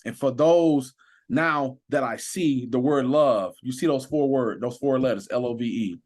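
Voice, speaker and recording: A man's voice: mid-range voice, unhurried, darkish tone. A man who works as a sheriff's deputy, a guest on a podcast, telling a personal story with earnest, preacher-like emphasis.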